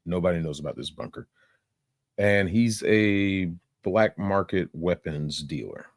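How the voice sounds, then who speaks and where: Rambling, profane low-voiced man. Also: unhurried, dry recording, clean studio sound. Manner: rambling, profane, laughing, with sound-effect fillers. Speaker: reaction streamer. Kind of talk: casual commentary.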